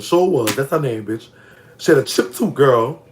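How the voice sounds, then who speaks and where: Male vlogger, Louisiana Southern accent, average pitch, chatty gossipy storytime delivery with sudden high reactions. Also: moderate pace. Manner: gossipy and animated, voice jumping high when reacting to comments. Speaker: vlogger telling prison stories. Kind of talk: casual storytime monologue.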